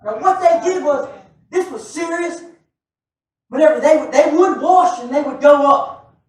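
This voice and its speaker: A male preacher delivering a lively sermon, joking with and calling out to his congregation. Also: very high-pitched, unhurried. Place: church sanctuary. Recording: very echoey church hall, mic far off.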